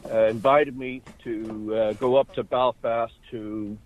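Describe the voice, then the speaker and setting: A man interviewed as a guest, recounting his personal history in a halting way, pausing and restarting his phrases. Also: medium pitch, fairly even intonation. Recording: tinny phone line.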